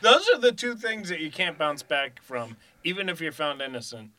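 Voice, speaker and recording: A man's voice: on the high side, big pitch swings, normal speed, pushed and bright. A man in casual chat, laid-back and chiming in with comments.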